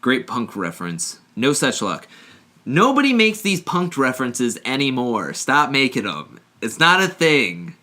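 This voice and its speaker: Male co-host, bright voice, casual rambling banter full of jokes and laughter. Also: mid-range voice, wildly swooping pitch, measured pace. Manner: joking, rambling, laughs often. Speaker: podcast co-host. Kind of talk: casual chat, reading stories aloud.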